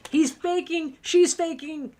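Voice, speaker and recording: A woman's voice: extremely high pitch, steady tone, slow, dark tone, a little hiss or hum. A woman hosting a tarot livestream, talking casually and sassily to her viewers and laughing often. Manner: sassy, laughs often, talks straight to viewers. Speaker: tarot reader and livestream host.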